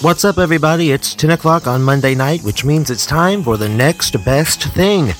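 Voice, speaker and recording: A man's voice: on the high side, moderate pace, soft background music. A man hosting a community radio show from the studio, reading the opening with jokey, mock-dramatic asides.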